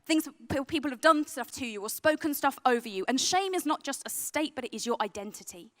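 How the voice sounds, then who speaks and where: A young adult woman who works with youth, giving an earnest sermon that drops to a soft, hushed tone on heavy points. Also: sits high, expressive, a little fast. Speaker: youth worker and speaker. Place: event venue.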